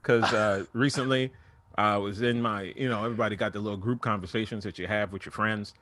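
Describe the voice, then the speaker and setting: A man performing a profane, animated stand-up set over a video call. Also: lowish voice, brisk. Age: adult. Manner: animated, profane storytelling with act-outs. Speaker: stand-up comedian.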